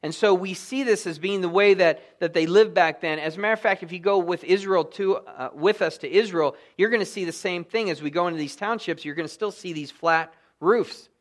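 A man preaching a sermon as pastor, telling the story with animated emphasis and sudden drops to a hushed voice. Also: sits high, brisk, hardly any pauses.

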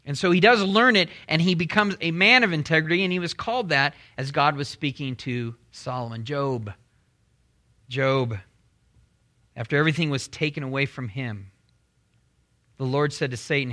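A man preaching a Bible sermon with a bright, forceful voice. He teaches conversationally and swings into loud, high-pitched bursts when he acts out inner arguments. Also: normal speed. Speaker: pastor.

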